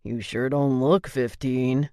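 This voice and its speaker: A woman's voice: low-pitched, very animated, normal speed, mellow, dry recording, studio quality. Lady doing a smug teen guy, smirky and laid back, audiobook voice. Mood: smirking. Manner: smirking, casual.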